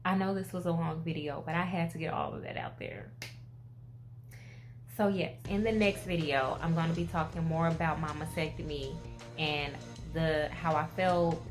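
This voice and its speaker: A woman in her twenties gives a personal vlog update, talking straight to her viewers in an emotional, expressive way. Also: low voice, normal speed, faint music behind. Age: 20s. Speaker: vlogger.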